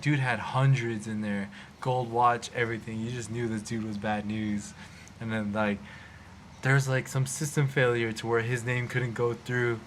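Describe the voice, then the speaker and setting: A young man from Arizona, hosting a podcast and telling a story casually, acting out the voices of the people in it. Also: mid-range voice. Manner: animated storyteller, acts out quoted voices. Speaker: podcast host. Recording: faint background noise.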